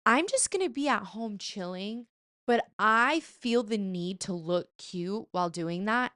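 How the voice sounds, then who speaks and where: A young woman vlogging in a chatty, animated, self-mocking way, sometimes slipping into playful put-on voices. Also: mid-range voice, measured pace, dry recording, clean studio sound. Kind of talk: casual chat.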